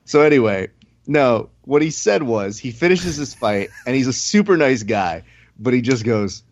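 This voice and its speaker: A man's voice: medium pitch, moderate pace, muffled recording. A man hosting a podcast in casual chat, telling stories and acting out the quotes. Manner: animated storyteller, acts out quotes. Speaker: podcast host.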